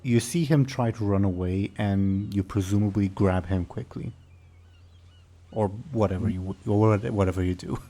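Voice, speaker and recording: A man's voice: fairly low pitch, normal speed, warm tone. A man narrating as game master of a tabletop role-play, in a loose, stop-start way.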